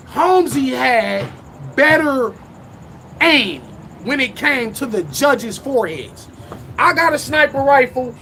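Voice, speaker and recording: A young man rants about his craft. His voice sits high and swings widely as he brags, repeats lines and bursts into shouts. Faint noise hums under the recording. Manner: boastful, emphatic, repeats lines, breaks into shouting. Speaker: battle rapper recapping his match. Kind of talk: animated live-stream rant.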